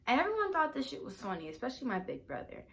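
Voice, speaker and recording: A young woman vlogger telling a personal story in a casual, animated, emphatic way. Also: high voice, racing, creaky.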